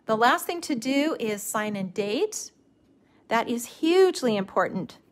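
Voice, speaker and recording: A middle-aged woman leads a live craft demonstration, her voice pitched a little above the usual. She talks in an easy, patient way and often circles back to restart a phrase. She sounds like she is walking viewers through each step. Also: unhurried. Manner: relaxed, gently instructive, with frequent restarts. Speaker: watercolor stamping instructor.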